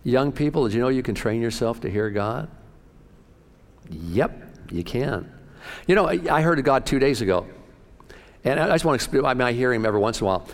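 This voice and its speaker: A middle-aged man preaching a sermon as pastor, folksy and excitable, often jumping up in pitch and loudness. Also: a little fast, pauses often, in a large hall.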